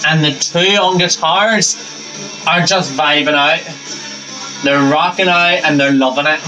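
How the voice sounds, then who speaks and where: An upbeat man with a fairly high voice hosts a reaction video. He talks over a live performance, giving eager running commentary. Loud concert music plays clearly behind his voice. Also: unhurried, poor audio. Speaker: reaction channel host.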